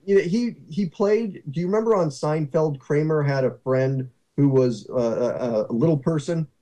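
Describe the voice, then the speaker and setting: A man hosting a casual talk show, rambling and halting with many restarts. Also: on the high side, dark tone. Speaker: podcast host. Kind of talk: casual chat.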